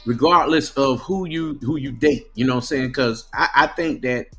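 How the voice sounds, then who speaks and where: A man's voice: mid-range voice, moderate pace, fairly bright tone. A man talking casually on a live stream, often stammering and restarting his sentences.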